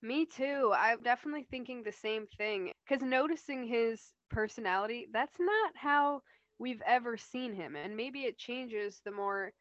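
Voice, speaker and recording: A woman's voice: fairly high pitch, moderate pace, fairly bright tone, dry recording, lo-fi sound. A young woman co-hosting a podcast, chatting casually and relaxedly about a TV episode, giggling and using fillers. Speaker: podcast co-host.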